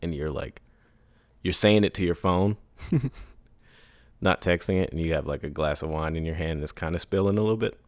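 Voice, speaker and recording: A man hosting a solo podcast, telling business stories in a casual, animated way, acting out others in high put-on voices and laughing between lines. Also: normal speed, pauses often, dry recording. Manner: laughs and sighs often. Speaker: podcast host.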